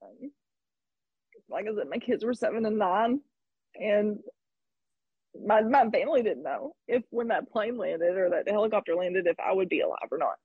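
A woman's voice: mid-range voice, normal speed, long pauses, husky, no room sound, narrow, tinny audio. A woman in her thirties telling a personal story in conversation, candid and reflective, with laughs between thoughts. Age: 30s. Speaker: guest.

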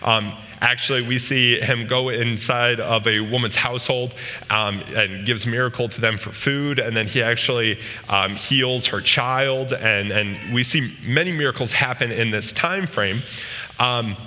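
A man's voice: mid-range voice, a little slow, sharp tone, long reverb tail. A man giving a casual, joking sermon to a youth group. He often asks the room questions. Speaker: youth pastor. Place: large room with a live audience.

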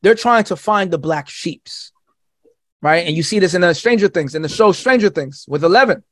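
A man as a podcast guest, rambling and swearing through an animated, casual talk. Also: high voice, moderate pace, dry recording, studio quality. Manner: profane, rambling, animated storytelling.

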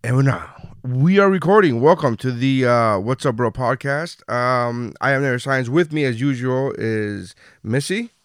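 A man's voice: mid-range voice, no room sound, clean studio sound. Joking man hosting a podcast. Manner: joking, swearing, quick asides. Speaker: podcast host. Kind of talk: casual podcast chat.

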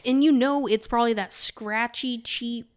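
A woman's voice: a little high, steady tone, moderate pace. A woman co-hosting a true crime podcast in casual chat, joking and laughing often. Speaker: podcast co-host.

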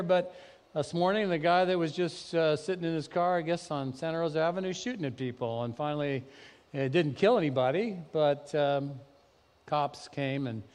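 A man preaching a sermon, talking conversationally and then rising to loud, emphatic peaks. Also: medium pitch, long reverb tail. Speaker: pastor. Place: church sanctuary.

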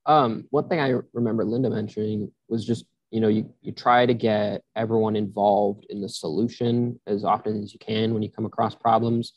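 A man's voice: fairly low pitch, steady tone, normal speed, hardly any pauses, no room sound. A man hosting a podcast interview, asking loosely phrased questions with frequent restarts. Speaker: podcast host. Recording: dull, slightly muffled dry audio.

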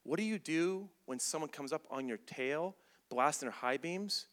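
Male pastor, sermon delivery; bright, lively, comedic storyteller who slips into mini-scenes. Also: fairly high pitch, moderate pace. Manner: animated, comedic, acts out scenes with voices.

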